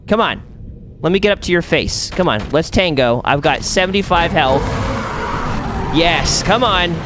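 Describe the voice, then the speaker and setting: Slow-talking man chatting while gaming. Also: a little high, music in the background. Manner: rambling, lots of fillers, with sudden excited outbursts. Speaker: streamer and host. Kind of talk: casual chat while playing a video game.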